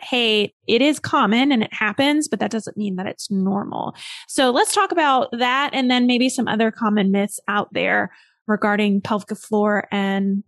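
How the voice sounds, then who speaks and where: A woman hosting a casual interview, friendly and quick to laugh as she asks questions. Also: medium pitch, no echo. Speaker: podcast host.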